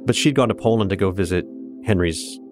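A man in his fifties from Kansas with a low, deep voice, speaking earnestly and candidly. He reflects on his own life as a guest in a conversation, with faint music underneath. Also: fairly quick. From Kansas, USA. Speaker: interview guest. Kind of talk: personal storytelling in conversation.

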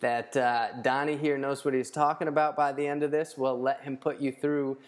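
A man's voice: medium pitch, little pitch movement, normal speed. A man hosting a podcast in casual chat, loose and profane with plenty of fillers. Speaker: podcast host.

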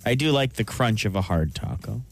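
Lively low-voiced radio host man. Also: moderate pace, soft background music. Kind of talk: morning radio banter.

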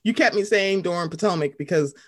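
A woman's voice: on the low side, brisk. A young woman hosting a casual chat show, talking animatedly and acting out quotes in different voices. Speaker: podcast host.

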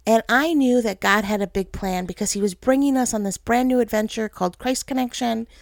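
A woman in her thirties preaches a heartfelt, personal sermon and talks straight to her listeners. Her voice sits a little high, with a gravelly fry running through it. The sound is dry and close, with almost no room echo. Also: brisk. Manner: earnest, emotional, speaks to listeners as "guys". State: tearful. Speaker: pastor's wife giving a message.

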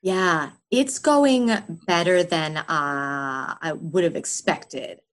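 Reflective woman, low-pitched. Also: slow pace, rough recording. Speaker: guest, parent. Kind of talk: casual chat.

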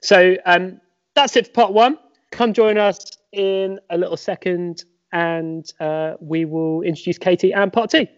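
A man hosting a podcast, who opens the episode and introduces his co-host in a brisk way with some fillers. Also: high voice, steady tone. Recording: dull lo-fi sound.

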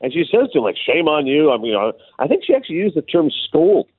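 Radio guy telling a story quick and animated, dry close sound, phoney tinny line. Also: on the high side, husky, dry recording. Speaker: radio co-host. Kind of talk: casual radio banter.

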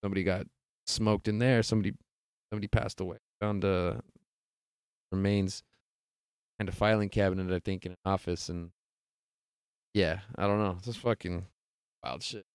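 Laid-back, low-voiced man rambling. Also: steady tone, moderate pace, pauses often, clean tone, no echo. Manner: laid-back, rambling, heavy swearing and laughter. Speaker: podcast host. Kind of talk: casual sports podcast chat.

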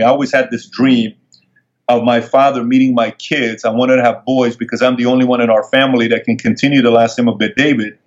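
Intense, emphatic male guest with a mid-range voice, telling personal stories on a dull lo-fi recording. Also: mid-range voice. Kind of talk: emotional personal storytelling. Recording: dull lo-fi sound.

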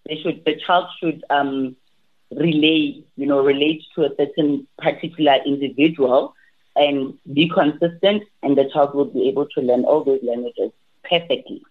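A woman, a language teacher, giving advice in an interview, animated and often restarting her sentences. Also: low-pitched, normal speed. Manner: animated, repeats and restarts, acts out quotes. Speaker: language academy teacher, guest. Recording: tinny phone-like line.

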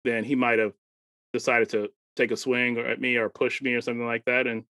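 A man's voice: mid-range voice, flat delivery, fairly quick, bright, forceful tone, dry recording. A man co-hosting a casual chat as a comedy show producer, rambling, laughing often and acting out quoted exchanges.

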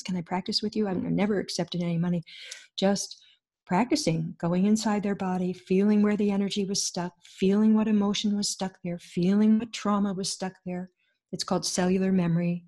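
A woman being interviewed who tells her own story earnestly. She talks in an animated way and acts out the voices of people in it. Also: lowish voice. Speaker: interview guest.

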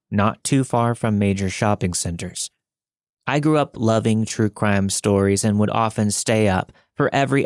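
A man reading listener-submitted true scary stories aloud in a steady, measured, somber storytelling manner. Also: fairly low pitch, no room sound, studio quality. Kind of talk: scripted narration.

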